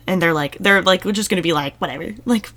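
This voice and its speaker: A woman's voice: fairly low pitch, quick pace, fairly bright tone, dry recording. A woman in casual podcast chat about a TV show, talking loosely with many fillers and frequent laughs. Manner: chatty, filler-heavy, laughs often. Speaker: podcast co-host.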